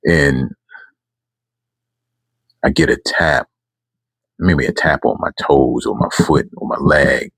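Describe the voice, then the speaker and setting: Brief: deep middle-aged male storyteller, rambling and emphatic, dry close sound. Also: slow, creaky, pauses often, fairly bright tone, breathy edge, no room sound. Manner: rambling, self-correcting, emphatic. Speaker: channel host telling a story. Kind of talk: casual storytime monologue.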